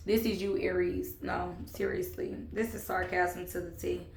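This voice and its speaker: Sassy tarot-reading woman, gravelly voice. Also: fairly low pitch, unhurried, reverberant. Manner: sassy, sarcastic, swearing, animated bursts of laughter. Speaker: tarot reader.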